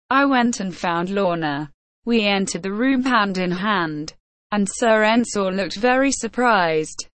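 A woman reading a storybook in a scripted narration, slow, careful and even. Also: medium pitch, dry recording. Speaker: audiobook reader.

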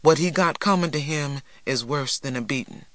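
A man reading a storybook aloud and voicing a stern older boy who accuses a friend in a firm, quiet way. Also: on the high side, normal speed, dry recording, lightly acted. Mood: accusing.

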